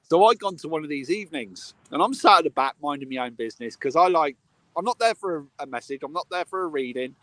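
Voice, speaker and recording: A man's voice: on the high side, lively intonation, fast talker, fairly bright tone, no room sound. A man, a medium, telling a funny family story in casual chat on a live video call. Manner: chatty, laughs at his own stories. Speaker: medium, co-host.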